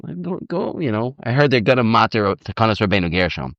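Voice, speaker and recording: Animated low-voiced man lecturing. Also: quick pace, dry recording. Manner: animated, repeats words, acts out dialogue. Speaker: rabbi teaching on marriage. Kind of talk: informal lecture with audience questions. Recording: dull lo-fi dry recording.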